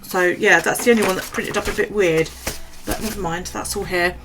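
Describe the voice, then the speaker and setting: A woman's voice: mid-range voice, steady tone, brisk, noisy background. A middle-aged British woman vlogging, telling a gossipy story in casual, chatty talk and swearing freely. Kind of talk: casual chat to camera.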